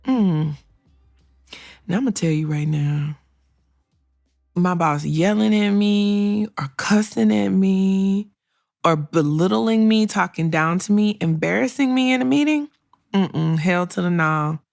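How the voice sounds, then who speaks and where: Middle-aged woman podcast host, low and gravelly, sassy and blunt advice delivery, dry close recording. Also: a little slow, a little mellow, no room sound, faint music behind. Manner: blunt, sassy and conversational, with laughs and acted-out quotes. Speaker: podcast host and career coach. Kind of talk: candid solo podcast advice.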